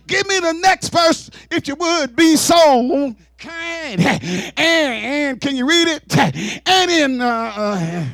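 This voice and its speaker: A man preaching a fervent sermon, often shouting and calling on the congregation to answer back. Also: extremely high pitch, animated, takes it slowly, no room sound. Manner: fervent, shouting with call-and-response.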